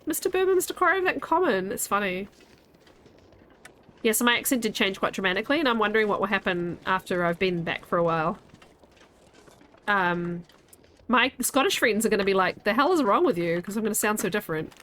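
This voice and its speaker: A woman's voice: mid-range voice, expressive, brisk, long pauses, fairly bright tone. A woman, chatting casually while streaming a game and rambling as she answers her chat.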